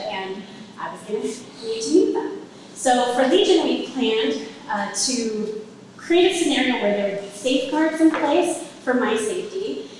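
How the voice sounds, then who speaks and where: A woman's voice: a little high, a little hiss or hum. A woman telling a personal story on stage to a live audience, conversational, with wry asides to the crowd. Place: event venue with a live audience. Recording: very echoey room, mic at a distance.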